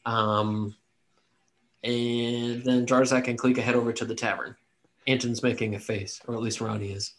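A man narrating a tabletop game as game master, relaxed and joking. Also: mid-range voice, moderate pace.

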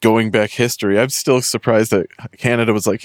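This young podcast host from Western Massachusetts tells animated stories and swears freely while chatting casually. His voice is fairly low and moderately paced, recorded in studio quality with no echo.

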